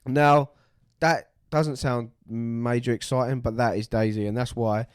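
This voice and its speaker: A man's voice: mid-range voice, steady tone, a little slow, clear, resonant tone, dry recording, studio quality. A man, hosting a podcast and telling a story casually, swearing freely and acting out the voices of the people he met. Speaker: podcast co-host.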